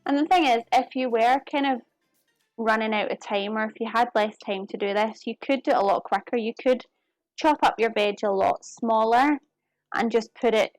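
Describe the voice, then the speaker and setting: A woman's voice: a little high, no room sound. Woman, cooking streamer, chatty and giggly, close dry sound. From United Kingdom. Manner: chatty, giggly, talks to viewers while working. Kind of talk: casual live-stream chat while cooking. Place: home kitchen.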